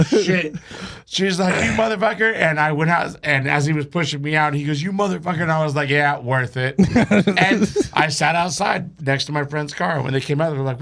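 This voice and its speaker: A man's voice: on the high side, a bit bright. A young man telling a wild story on a comedy podcast, acting out quotes and swearing freely. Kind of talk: casual storytelling.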